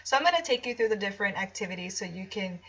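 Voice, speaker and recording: A woman's voice: medium pitch, lively intonation, very fast, a bit bright, husky, highs cut off. A woman teacher walking listeners through classroom activities in a chatty, explanatory way, with frequent ums and restarts. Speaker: teacher-author showing a product. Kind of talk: casual screen walkthrough.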